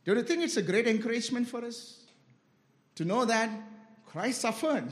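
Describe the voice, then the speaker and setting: Expressive and paced moderately with long pauses, a man preaches fervently. His delivery moves between loud, high outbursts and quiet, low asides, and he often tells listeners to listen carefully.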